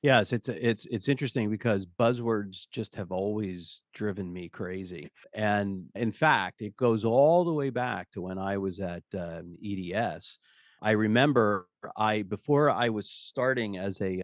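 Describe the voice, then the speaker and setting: A man's voice: on the low side, no echo, studio quality. A middle-aged man, a company CEO, talking as a podcast guest and telling stories, acting out the people he quotes. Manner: animated storyteller, acts out quotes. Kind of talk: conversational podcast interview.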